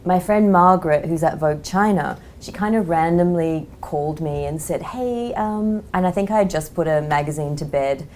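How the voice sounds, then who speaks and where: Mellow low-pitched Australian woman in her 30s, frank chatty interview guest. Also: normal speed, few pauses, slight background noise. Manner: chatty, frank, many "like" and "um" fillers. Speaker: magazine editor, podcast guest. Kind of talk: casual interview chat.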